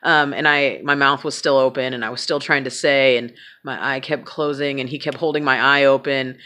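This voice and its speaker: Bright-voiced woman telling a candid story. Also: very deep voice, steady tone, moderate pace. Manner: candid, swears freely, self-mocking humor. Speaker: vlogger. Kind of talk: casual personal storytelling.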